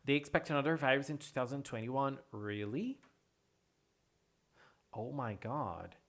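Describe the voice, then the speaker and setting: A streamer hosting a casual livestream, chatting with viewers and answering chat in an excitable way, often repeating phrases. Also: medium pitch, a little slow. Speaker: livestream host reading chat.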